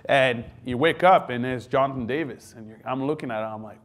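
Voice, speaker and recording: A man's voice: mid-range voice, brisk, few pauses. A man in his thirties, raised in France, telling stories on stage as a guest author and acting out the voices he quotes. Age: 30s. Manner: animated anecdotes, acts out quoted voices, laughs often. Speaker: guest author, army veteran. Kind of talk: casual storytelling on stage.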